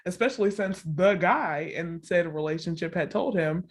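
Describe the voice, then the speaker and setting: An animated woman co-hosting a podcast casually recaps a reality show at a normal pace. She acts out quotes with big pitch jumps, laughs often and fills with "like" and "all the things."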